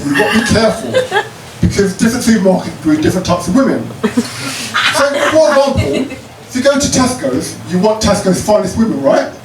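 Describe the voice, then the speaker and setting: A cheeky stand-up comedian, his voice riding high and swinging widely as he works the crowd. The sound is roomy and a little distant, like a club stage recording with plenty of noise around him. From Croydon, South London. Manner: cheeky, punchy, leads call-and-response. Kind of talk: stand-up routine with crowd work.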